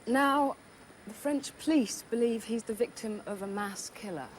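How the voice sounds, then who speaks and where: A woman's voice: on the high side, moderate pace, slight background noise, natural voice. A woman playing a cold, bitter betrayed wife. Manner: clipped, cool and defensive. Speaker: pregnant wife of a murdered man. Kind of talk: 1990s television crime drama.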